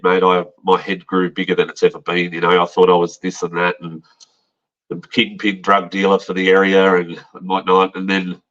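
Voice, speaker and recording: A very deep-voiced Australian man talks in a loose, rambling way, with plenty of swearing and a steady stream of mates. The recording is dull and lo-fi, like a basic podcast setup. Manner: rambling, frank, swears, says mate often. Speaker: podcast guest telling his story. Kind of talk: casual storytelling.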